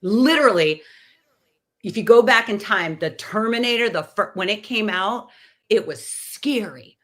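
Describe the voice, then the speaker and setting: A woman in her sixties, a podcast guest, telling an animated story and acting out the dialogue. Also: mid-range voice, unhurried. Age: 60s. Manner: animated, acts out quoted dialogue. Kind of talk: anecdotal storytelling in conversation.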